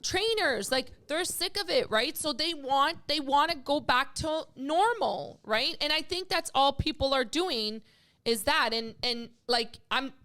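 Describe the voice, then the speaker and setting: Woman, podcast host, casual chat, emotional, rambling, high voice. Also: lively intonation, a little slow, sharp tone. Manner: emotional, rambling, many fillers.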